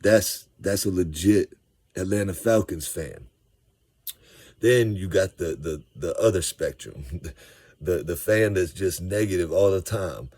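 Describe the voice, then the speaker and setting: A man from Georgia, giving a casual, animated fan recap of a football game. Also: low-pitched, a little slow, slightly rough, dry recording. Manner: animated, slangy, storytelling. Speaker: sports fan vlogger.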